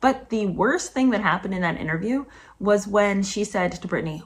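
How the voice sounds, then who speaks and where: A woman giving a casual commentary vlog as a book reviewer. She talks emphatically and indignantly, with sudden high-pitched outbursts. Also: moderate pace, slight background noise.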